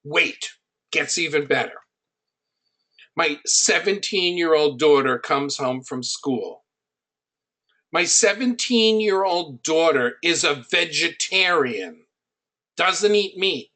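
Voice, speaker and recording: Slow-talking, higher-voiced middle-aged man coaching. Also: lively intonation, sharp tone. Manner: conversational, anecdotal, emphatic on key points. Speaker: online business coach. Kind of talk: teaching talk told through personal stories.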